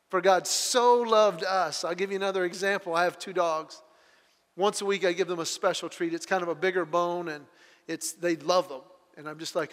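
A male pastor delivers a sermon with a high, bright voice that carries long reverb from a large hall. He tells lively stories and acts out the voices in them, swinging from loud bursts to hushed, earnest passages. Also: moderate pace. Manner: animated storytelling, acting out voices with big swings in loudness.

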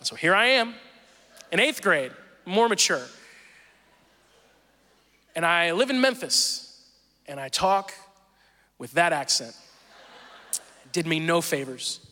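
A man in his thirties with a Southern accent, preaching a sermon and telling animated, self-deprecating stories from his own life. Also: fairly high pitch, slow pace, long pauses, in a large hall. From Southern Missouri. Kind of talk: sermon with personal storytelling.

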